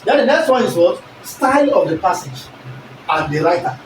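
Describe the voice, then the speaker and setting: A male teacher, giving an animated lesson and constantly checking that the class understands. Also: sits high, moderate pace, a little hiss or hum. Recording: echoey room recorded from a distance.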